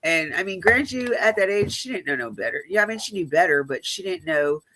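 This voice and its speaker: A woman's voice: lowish voice, animated, fairly quick, sharp tone. A woman hosting a live stream, telling blunt, profane stories in casual chat.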